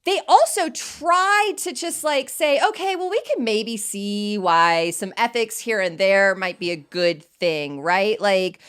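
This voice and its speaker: A woman's voice: medium pitch, a bit bright, clear, resonant tone. A woman co-hosting a podcast, talking in a wry, sardonic, casual way about the courts. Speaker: podcast co-host. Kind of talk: casual legal commentary chat.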